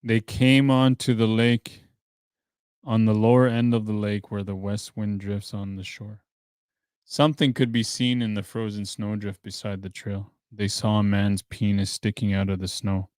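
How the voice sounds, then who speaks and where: A man hosting a podcast, reading a translated traditional story aloud in a plain, steady way, with dry offhand asides. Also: fairly low pitch, moderate pace, clear, resonant tone, no room sound. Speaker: podcast host.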